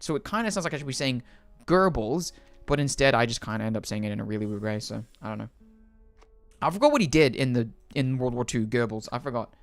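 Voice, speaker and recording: A man's voice: on the high side, fairly bright tone, dry recording. A young man from the Philippines with an Australian accent tinged by Filipino speech, chatting casually on a livestream and rambling through chat questions. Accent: Australian with a Filipino lilt.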